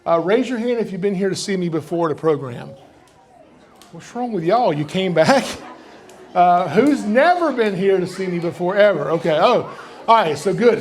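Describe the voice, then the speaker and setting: A man's voice: high voice, normal speed, some chatter behind. A middle-aged man with a Southern US accent from Georgia, telling folksy, joking stories as he gives a live reptile program to an audience in a library. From Georgia, USA. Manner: joking, folksy, animated storyteller. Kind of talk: live storytelling talk to an audience.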